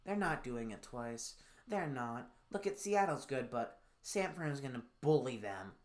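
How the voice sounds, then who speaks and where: A man's voice: medium pitch, expressive, a little slow. A man giving casual sports predictions in a profane, sarcastic rant, swinging from fired-up outbursts to glum muttering. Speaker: NFL picks YouTuber.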